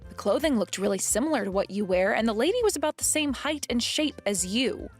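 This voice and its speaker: A woman's voice: a little high, lively intonation, fairly quick, slightly rough, soft background music. A woman voicing a young pregnant wife who firmly confronts her mother-in-law in a dramatized text-message story. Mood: accusing. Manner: firm, demanding answers.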